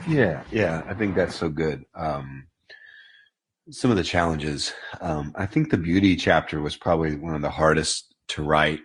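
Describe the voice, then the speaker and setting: A man guest on a podcast, talking in a heartfelt, halting way, sniffling near tears and joking at himself. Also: a bass voice, slightly rough. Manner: heartfelt, halting, self-deprecating. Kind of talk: reflective conversational interview.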